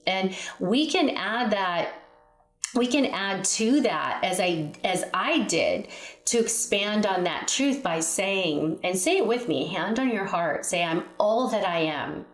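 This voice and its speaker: A woman giving a spiritual guidance talk, speaking earnestly and emphatically and leading listeners through repeated affirmations. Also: medium pitch. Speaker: spiritual teacher. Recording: echoey room.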